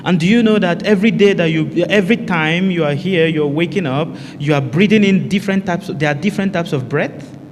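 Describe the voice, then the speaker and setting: A man leads a meditation class in a slightly high voice at a somewhat quick pace, posing rhetorical questions to the group, answering them himself, and repeating key phrases for emphasis. The spiritual talk carries a long reverb tail and slight background noise.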